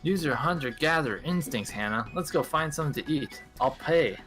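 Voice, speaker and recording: Man, casual stream banter, animated pitch, faint music behind. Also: a little fast. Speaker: co-host watching the game. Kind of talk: casual reactive chat.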